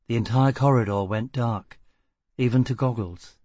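A man reading a novel aloud as audiobook narrator, in a steady, tense storytelling manner. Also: mid-range voice, normal speed, dry recording.

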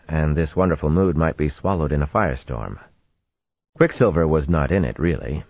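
A man narrating a fantasy audiobook in a steady storytelling voice with expressive swings, on a dull lo-fi recording. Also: a bass voice, normal speed, vocal fry, breathy edge, dry recording.

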